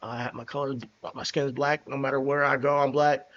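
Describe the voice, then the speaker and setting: A man's voice: medium pitch, a little fast. Podcast host, man, easygoing chat, slightly lo-fi remote mic sound. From New Jersey, USA. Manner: relaxed, conversational, some restarts. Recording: slightly dull lo-fi audio.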